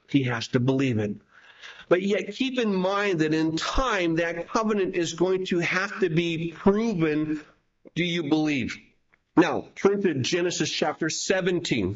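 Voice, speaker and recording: Man preaching, dull lo-fi recording. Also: on the high side. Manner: teaching, reads scripture aloud and explains with rhetorical questions. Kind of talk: sermon.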